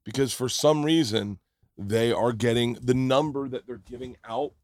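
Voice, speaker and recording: A man's voice: medium pitch, moderate pace, darkish tone. A man hosting a podcast, telling a story in casual chat, often restarting his sentences. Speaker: podcast host.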